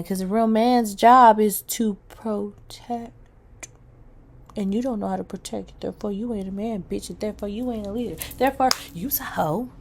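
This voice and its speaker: Blunt, profane woman ranting to camera. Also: medium pitch. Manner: blunt and profane, swinging from loud outbursts to hushed asides. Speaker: vlogger. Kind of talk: casual comedic rant.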